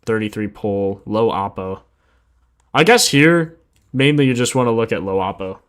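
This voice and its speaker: A man hosts a betting livestream in a relaxed, slangy way, talking straight to his chat. His voice sits a little low and sounds sleepy, as if he just got up. He reads out stats loosely and keeps it informal. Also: fairly quick. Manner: laid-back, slangy, reads stats aloud and answers chat. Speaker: sports betting livestream host.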